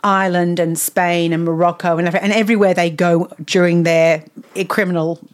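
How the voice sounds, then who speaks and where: A woman's voice: fairly low pitch, steady tone, brisk. A woman chatting enthusiastically about a novel she read, laughing now and then. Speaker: book reviewer. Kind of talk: casual book chat.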